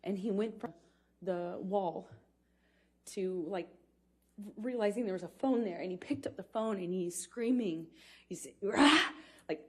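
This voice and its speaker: A woman testifying as a witness in a courtroom, speaking haltingly with pauses and restarts. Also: mid-range voice, warm tone, slightly rough.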